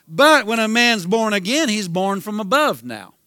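A man with a Southern US accent preaches with fervor, circling back over his points and calling out hallelujah. His voice sits high and bright. The sound is close and dry, with no room echo. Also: lively intonation, moderate pace, clean tone. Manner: fervent, repeats himself, calls out hallelujah. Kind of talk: sermon.

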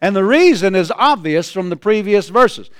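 A male pastor preaching a sermon in a church, his fairly high voice smooth and resonant. He calls out to the congregation and stacks repeated lines that climb into shouts. The sound is dry and close. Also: animated, moderate pace, dry recording. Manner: preaching with rising shouted refrains.

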